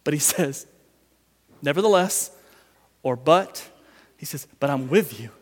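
Male pastor, high voice, preaching style, dynamic swings, long hall reverb. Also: animated, measured pace. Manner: preaches with swings from quiet to loud emphasis, addresses the congregation directly. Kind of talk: sermon. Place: church sanctuary.

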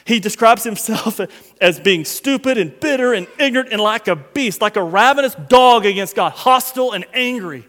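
A man preaching a sermon to a church congregation, swinging between quiet, low passages and loud emphatic ones while addressing the listeners directly. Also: lively intonation, normal speed, in a large hall. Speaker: pastor. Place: church sanctuary.

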